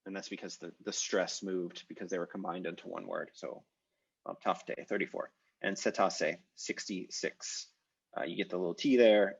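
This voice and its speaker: Over a video call, a man teaches a live online language class, explaining things step by step with frequent "uh"s and "um"s. His voice is on the low side, and the audio has its highs cut off.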